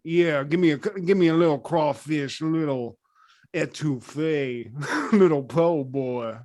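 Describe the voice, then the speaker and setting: A mumbling tough-guy action star with a thick Louisiana drawl, as a man puts him on. The voice sits a little high and dry. It drawls slowly. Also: darkish tone, no room sound. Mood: mocking. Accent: put-on Louisiana.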